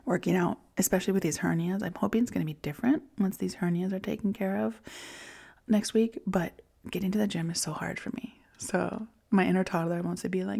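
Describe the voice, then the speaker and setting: A woman in her forties hosting a reflective self-help podcast, talking softly and often in a whisper, soothing herself. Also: fairly low pitch, a little fast, vocal fry, slightly rough. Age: 40s. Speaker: podcast host.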